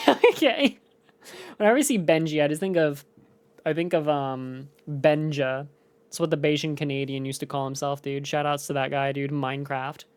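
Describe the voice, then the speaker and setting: Low-voiced laid-back woman streamer. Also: moderate pace, smooth. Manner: laid-back, says "dude" and "like", talks to chat. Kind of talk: casual stream chat while gaming.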